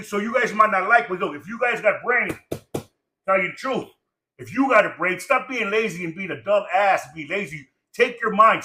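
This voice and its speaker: A man's voice: high voice, sharp tone, roomy sound. A man of Samoan heritage born in Los Angeles, ranting in profane, repetitive, preachy casual talk. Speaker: podcast guest.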